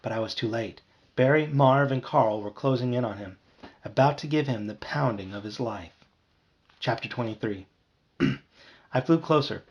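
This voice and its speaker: A man reading a children's book aloud in a lively storytelling manner. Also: normal speed, pauses often, highs cut off. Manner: lively, voices characters with higher shouts. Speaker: audiobook reader.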